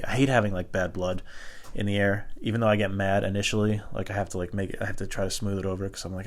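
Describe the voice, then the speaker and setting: A man's voice: fairly low pitch, rapid-fire. Exasperated man ranting solo. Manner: animated, profane and exasperated. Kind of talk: solo comedic rant.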